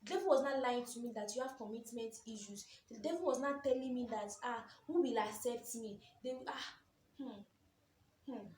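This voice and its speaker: A woman's voice: fairly high pitch, moderate pace, roomy sound, slight background noise. A young Nigerian woman in her twenties telling an emotional personal story in a vlog, with lots of repetition. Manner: emotional, animated storytelling with repeated phrases. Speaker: vlogger.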